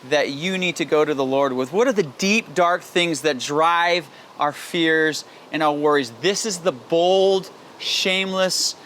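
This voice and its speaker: A man preaching a daily devotional with a fairly high voice. He speaks earnestly and candidly, in a personal tone, and often repeats his points with pleading emphasis. A faint hiss sits under the voice. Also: a bit bright. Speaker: pastor.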